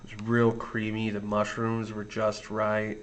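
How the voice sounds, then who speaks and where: A man's voice: on the low side, monotone, a little slow, slight background noise. A man co-hosting a casual podcast, joking and teasing his friend. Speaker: podcast co-host. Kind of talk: casual chat.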